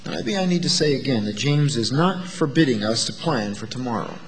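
A man preaching a sermon, asking the listeners rhetorical questions and moving between loud, emphatic lines and quiet asides. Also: medium pitch, animated, a little fast, in a large hall.

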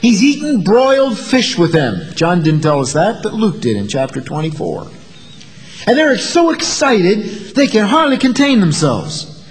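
Guy preaching a sermon, acts out the people in it, pretty high voice, long echo trailing off. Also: huge pitch swings, a little slow. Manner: dramatic, acts out voices of the disciples and doubters.

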